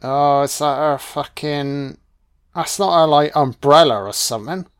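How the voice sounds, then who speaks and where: A man's voice: a little high, a little slow, smooth. A man giving casual watch-along film commentary, swearing freely and talking back at the screen. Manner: profane, reactive, talks back at the screen.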